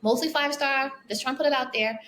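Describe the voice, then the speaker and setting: A woman's voice: high-pitched, steady tone, quick pace, fairly bright tone, a little hiss or hum. A woman speaking as a podcast guest and author, earnest and reflective, talking in long flowing sentences. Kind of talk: casual interview talk.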